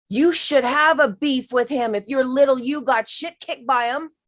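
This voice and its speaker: A woman's voice: high-pitched, normal speed, few pauses. A woman giving a spiritual healing reading on a live stream, talking frankly and emphatically, swearing now and then and calling the listener honey.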